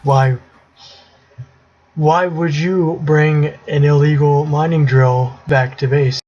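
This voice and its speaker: Player, husky, lo-fi mic, sardonic. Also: male voice, a little high, fairly even intonation, slow, darkish tone. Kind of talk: in-character tabletop play.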